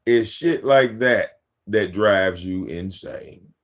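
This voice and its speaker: A man in his forties, host of a live stream, telling casual stories about his daughter in a profane, animated way, acting out what people said. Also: fairly low pitch, slow. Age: 40s. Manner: profane, animated, acts out quotes. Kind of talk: casual storytelling.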